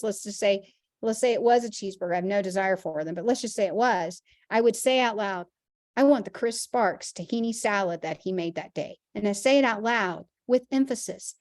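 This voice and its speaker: A woman's voice: medium pitch, darkish tone, no echo, studio quality. A woman teaching a Christian health class, earnest and emphatic, using vivid everyday examples.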